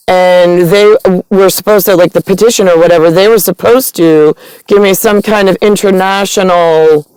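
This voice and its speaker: A woman's voice: lowish voice, darkish tone, clean tone, no echo, low-quality recording. A woman in her forties from New York, rambling through an agitated, profane monologue full of fillers and restarts. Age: 40s.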